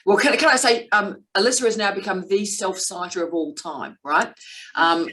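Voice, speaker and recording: A woman's voice: mid-range voice, sharp tone, poor audio. Effusive middle-aged woman, academic host. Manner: effusive, emphatic, quick to praise. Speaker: vlog host and PhD supervisor. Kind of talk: casual academic conversation.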